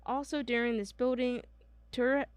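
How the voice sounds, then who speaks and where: High-voiced woman reading spooky history. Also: fairly even intonation, moderate pace, clean tone, dry recording. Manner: giggly, stumbles over names. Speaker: podcast co-host. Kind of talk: casual chat, reading history notes.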